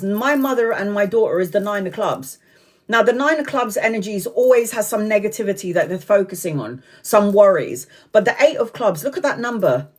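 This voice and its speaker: A woman's voice: medium pitch, a little mellow. A woman giving a live-streamed tarot reading, talking frankly, swearing freely, laughing often and drifting off on tangents. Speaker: tarot reader.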